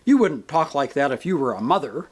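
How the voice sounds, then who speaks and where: A man voicing a grieving woman ghost, a possessive mother who talks in a sharp, demanding, indignant way, for a storybook reading. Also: mid-range voice, very animated, fairly quick, breathy edge. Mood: indignant, aggrieved. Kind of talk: audiobook character reading.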